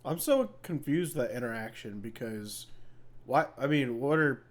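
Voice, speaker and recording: A man's voice: medium pitch, expressive, moderate pace. A man, co-hosting a podcast and making wry jokes in casual chat. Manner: wry, joking. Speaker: podcast co-host.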